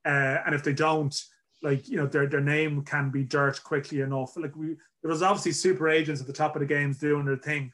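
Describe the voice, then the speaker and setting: A man's voice: on the high side, flat delivery, brisk, fairly bright tone. A man from Ireland hosting a football podcast in casual chat, rambling and self-deprecating. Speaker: podcast host.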